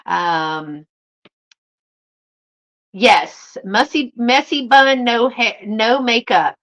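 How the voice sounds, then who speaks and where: A woman's voice: on the high side, slow, long pauses, fairly bright tone, lo-fi sound. Chatty Southern woman live-streaming. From Southern United States. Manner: chatty, greets viewers by name, lots of "y'all" and "um". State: a little flushed from a walk. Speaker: YouTube live stream host. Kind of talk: casual live chat.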